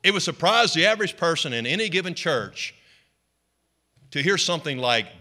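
A male pastor preaching a sermon in an animated way, leading the congregation in call-and-response. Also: a little high, normal speed.

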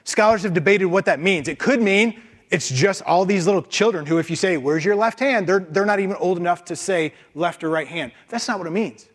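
Animated preacher with a high voice. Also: male voice, a little fast. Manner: animated, emphatic, rhetorical questions. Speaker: pastor. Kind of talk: sermon.

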